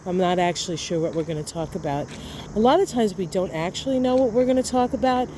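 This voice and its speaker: A woman of ordinary middle pitch chats warmly to her camera while strolling outdoors in her garden. She is enthusiastic and loose, leaning on fillers and trailing thoughts. Faint crickets and outdoor noise sit under the voice. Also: animated, fast talker. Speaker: astrology vlogger. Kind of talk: casual chat to camera.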